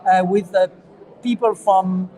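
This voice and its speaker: A man with a French accent answering interview questions as a founder, earnest and halting with fillers. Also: high voice, steady tone, warm tone, poor audio. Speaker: startup founder, guest. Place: conference venue.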